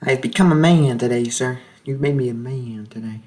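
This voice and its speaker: A man voicing a nervous young army recruit in a comic skit, barking short, loud answers that end in sir. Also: medium pitch, a little fast, close to an everyday voice.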